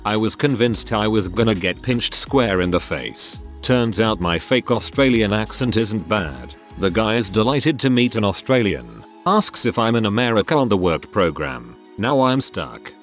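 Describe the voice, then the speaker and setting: Low-voiced man narrating lively stories. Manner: animated storytelling of reader anecdotes. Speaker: story narrator. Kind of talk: scripted narration.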